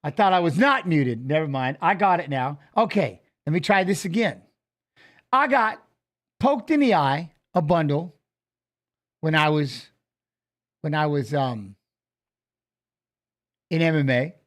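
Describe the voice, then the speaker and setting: Brief: middle-aged male host, high-pitched voice, loose, profane, joking chatter. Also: lively intonation, a little slow, long pauses. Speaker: show host. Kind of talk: casual livestream chat.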